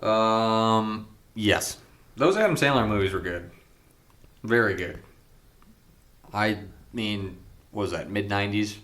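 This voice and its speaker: Podcast co-host, man, low voice, loose hesitant sports chatter. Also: slow pace, pauses often, fairly bright tone. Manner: rambling, hesitant, many ums. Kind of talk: casual sports chat.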